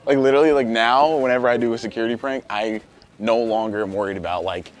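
A man's voice: medium pitch, fairly even intonation, fast. A young man hosting a prank video, talking casually and pleading in a playful, provocative way.

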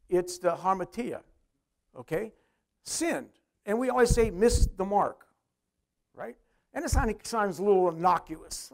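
Middle-aged pastor, high male voice, chatty preaching, questions the congregation. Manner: conversational preaching, asks the crowd questions. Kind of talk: sermon.

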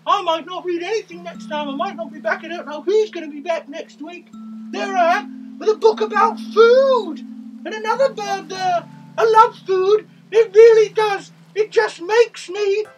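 A man voicing an excitable young male rabbit puppet who loves carrots and fears foxes, reading a children's story with sound effects and cheers. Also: moderate pace, distant mic, soft background music, rough recording. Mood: excited. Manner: squeaky, bouncy, full of sound effects and cheers.

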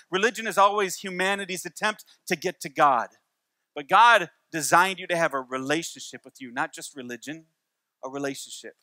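Guy pastor in his 40s preaching, bright high voice, dry close sound, jokey storytelling. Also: no echo. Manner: storytelling with wry humor and repetition. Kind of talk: sermon.

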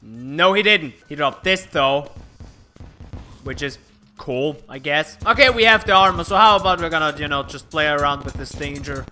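A man commentating his own gameplay in an excitable, swearing way. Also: fairly high pitch, moderate pace. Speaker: gaming YouTuber.

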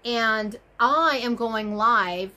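Chatty woman crochet vlogger, bright pitch. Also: extremely slow. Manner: rambling and gushing, many fillers and exclamations. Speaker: crochet YouTuber. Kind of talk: casual chatty vlog.

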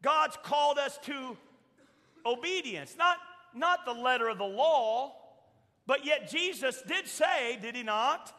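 A man preaching a sermon as pastor, emphatic, shouting at high points and dropping soft for quoted asides. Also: expressive, slow. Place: church sanctuary. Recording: long church reverb.

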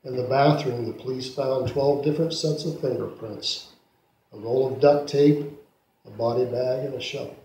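A man preaching a sermon and telling stories, dramatically swinging from loud peaks to hushed asides. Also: medium pitch, steady tone, moderate pace. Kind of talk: sermon storytelling. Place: church sanctuary. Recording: echoey church room.

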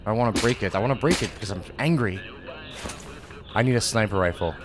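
In a very noisy recording, a man with a lowish voice and quick pace gives let's play commentary on a video game. He's an exasperated, rambling gameplay commentator who keeps repeating himself.

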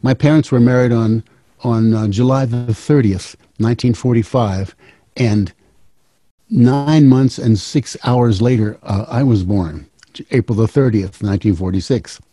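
A man's voice: mid-range voice, unhurried, dark tone, no echo. A man in his seventies telling a family story in a casual, wry, rambling way. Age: 70s. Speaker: musician and storyteller.

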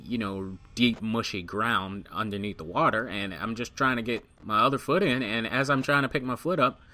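A young man telling a funny story as voice-over commentary for his gaming channel, swearing freely and loudly acting out the quotes of the people in it. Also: medium pitch, no echo.

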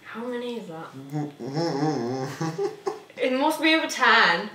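A woman's voice: fairly high pitch, expressive, slow, pushed and bright. A young woman vlogger chatting casually and giggling often. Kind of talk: casual chat. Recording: echoey room, mic far off, faint noise.

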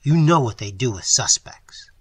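Here is a furious young artist, as a male narrator puts him on, scolding and threatening at full volume. His voice swings widely in pitch and has a bright, forceful edge. The reading has a husky grain. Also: lively intonation, moderate pace, no room sound. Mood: angry. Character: angry young male artist, fierce and scornful.

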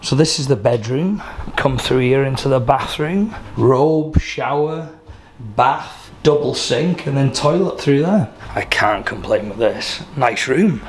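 A man hosting a travel vlog, chatting in an upbeat, animated way with locals and to the camera. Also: medium pitch, a little slow, background noise. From United Kingdom. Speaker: travel vlogger host.

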